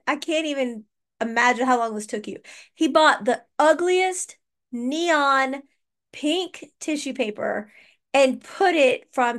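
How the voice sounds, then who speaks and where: A woman with a high voice tells a family story in casual podcast chat. She is animated and teasing, and she often breaks off to prod her husband into telling his part. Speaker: podcast co-host, mother.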